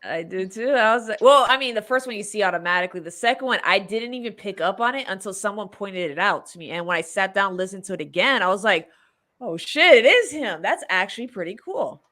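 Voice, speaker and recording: A woman's voice: mid-range voice, fast, few pauses, bright, forceful tone. A woman hosting a podcast, chatting casually and rambling through a movie review, laughing often. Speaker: podcast host.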